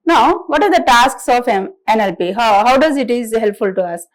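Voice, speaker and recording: Woman lecturer, a bit high-pitched, explains step by step with restarts. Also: animated, low-quality recording. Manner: halting explanatory delivery, many restarts and fillers. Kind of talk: recorded classroom lecture.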